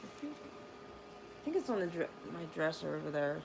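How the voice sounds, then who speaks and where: A woman's voice: sits low, very animated, normal speed, vocal fry, noisy background. A woman vlogging at home in a bedroom, telling a rambling, profane story full of fillers. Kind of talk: casual storytime vlog.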